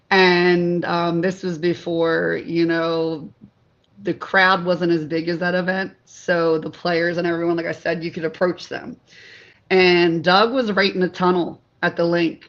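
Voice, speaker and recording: Animated woman telling stories, lo-fi. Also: on the low side. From Delaware, USA. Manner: animated storyteller, laughs often. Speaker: guest. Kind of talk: casual interview chat.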